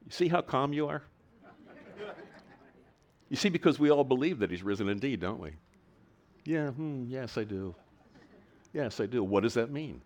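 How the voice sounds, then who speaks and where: A man preaching a sermon as pastor, animated, with emphatic swells in volume and frequent restarts of his phrases. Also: medium pitch, brisk, long pauses.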